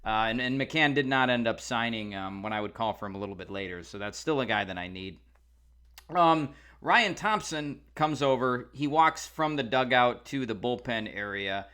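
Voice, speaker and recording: A man's voice: mid-range voice, lively intonation, normal speed, pushed and bright, clear, resonant tone. A man co-hosting a podcast, telling a rambling casual story with lots of fillers. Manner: rambling, many fillers and restarts. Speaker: podcast co-host.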